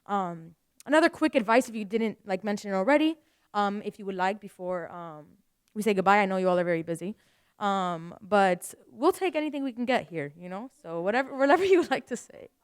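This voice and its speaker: A woman's voice: mid-range voice, lively intonation, fairly quick, smooth, no echo, studio quality. A young woman moderating a student panel, emotional and apologetic, with many hesitant fillers.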